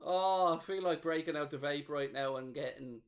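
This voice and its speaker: Hosting a live football watchalong, this man speaks at a moderate pace in a somewhat high voice. He cheers, gloats, and reads out chat messages from viewers with plenty of excitement.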